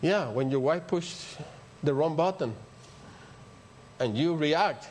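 Older spanish-accented guy preaching, kinda high voice, rambly stories that build up loud, faint room noise. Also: lively intonation, slow pace. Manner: rambling, storytelling, rising to emphatic peaks. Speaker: pastor. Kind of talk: sermon.

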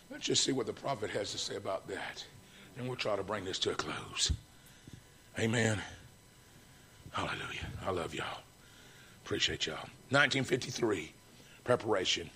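A middle-aged preacher man, gravelly and husky, his voice bright and forceful. He preaches with fervor, shouting out calls to the congregation and then dropping low and soft. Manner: fervent, swings from shouting to hushed. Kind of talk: sermon.

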